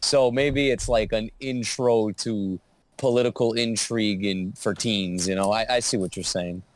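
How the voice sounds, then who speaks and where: A man's voice: fairly low pitch, fairly even intonation, normal speed, no echo. A man co-hosting a casual podcast chat, joking, swearing freely and laughing often. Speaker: podcast co-host.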